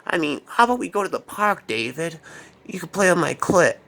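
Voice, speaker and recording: A man's voice: sits high, big pitch swings, a little fast, gravelly, a bit bright, pitched above the performer's own voice, exaggerated voice. A man voicing a crazed, cackling old witch woman who shrieks menacing, lewd threats.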